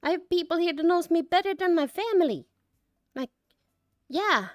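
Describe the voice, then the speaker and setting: A woman giving an emotional personal reflection as an artist. She is choked up and holds back tears, talking haltingly with many restarts and trailing phrases. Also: extremely high pitch, animated, no room sound, clean studio sound.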